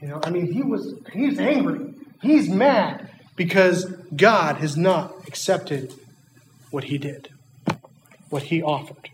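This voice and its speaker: An animated male preacher gives a sermon to children and keeps asking them questions. His voice is high for a man. He sounds echoey in a church hall with faint room noise. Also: takes it slowly. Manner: animated, asks the kids questions.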